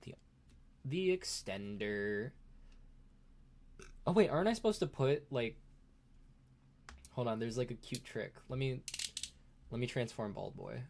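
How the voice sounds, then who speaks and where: A chatty streamer with a gravelly, fry-edged voice at a middle pitch rambles casually with chat while unboxing a toy. The talk is loose and full of laughs, with faint noise behind. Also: lively intonation, unhurried, long pauses, a little mellow. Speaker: livestream host.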